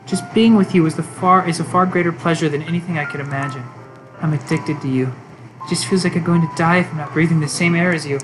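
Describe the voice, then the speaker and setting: A woman voicing an obsessive, intense young woman, reading game dialogue in a slow, intimate, creepy tone. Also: sits low, music in the background, close to an everyday voice, low-quality recording.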